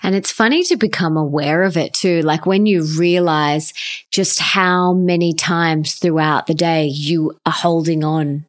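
A woman hosting a podcast interview, talking warmly and enthusiastically. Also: low-pitched, steady tone, measured pace. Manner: enthusiastic, gushing with gratitude. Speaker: podcast host. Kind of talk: casual interview chat.

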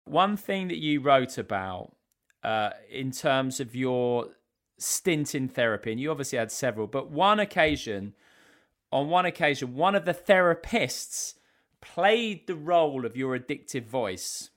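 A man's voice: medium pitch, lively intonation, unhurried, a bit bright. A man hosting an interview, asking careful, somewhat hesitant questions. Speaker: host.

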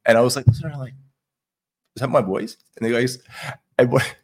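A young adult man co-hosting a podcast in casual chat, telling stories in a chatty, animated way. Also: medium pitch, fairly quick, breathy edge. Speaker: podcast co-host.

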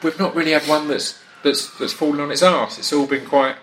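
A man hosting a relaxed chat with a fellow actor, talking in a self-deprecating way with lots of restarts, sitting at a table on the top deck of a bus. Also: on the high side, a little fast, a little hiss or hum. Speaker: podcast host and actor. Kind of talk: casual chat.

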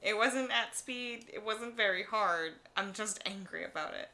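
Bright-voiced woman with dry remarks. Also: medium pitch, moderate pace. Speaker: podcast co-host. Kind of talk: casual chat.

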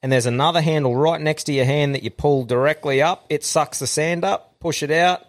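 A man's voice: a little high, fairly quick. A man co-hosting a podcast, chatting crudely, swearing freely and laughing as he tells workplace stories. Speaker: podcast co-host. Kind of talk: crude casual banter.

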